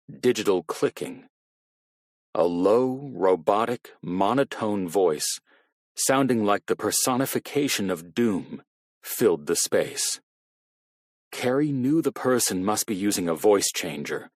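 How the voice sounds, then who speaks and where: A man narrating a thriller audiobook in a measured, even reading. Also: low voice, dry recording, studio quality. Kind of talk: scripted narration.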